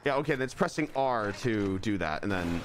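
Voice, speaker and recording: Excitable man streaming a video game. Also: moderate pace, over music. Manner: excitable, jumps from low muttering to yelps and shouts; repeats phrases over and over. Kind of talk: live gameplay commentary.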